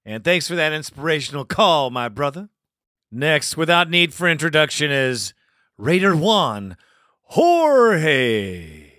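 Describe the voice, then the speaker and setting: A man hosting a fan call-in show, his voice sitting a little high. He talks in loose, profane, excited banter. The sound is dry and close, with no room around it. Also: normal speed, no room sound. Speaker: podcast host.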